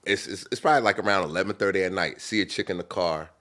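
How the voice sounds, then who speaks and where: A man co-hosting a live stream show, telling a story in a relaxed, measured way. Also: low-pitched. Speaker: podcast co-host. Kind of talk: casual storytelling chat. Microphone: live stream mic.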